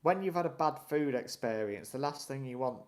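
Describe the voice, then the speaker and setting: A man talks in a casual, rambling storytelling way, chuckling as he goes. His voice sits at an everyday middle pitch, neither deep nor high. He keeps the chat easygoing and chatty. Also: lively intonation, fairly quick. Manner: rambling anecdotes, chuckles often. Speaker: co-host of a live stream.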